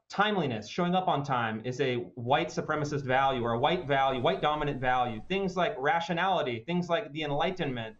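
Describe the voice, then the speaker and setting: Hesitant male guest, dull archive clip. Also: a little high. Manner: hesitant, restarts, measured. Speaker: interview guest. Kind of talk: broadcast interview answers.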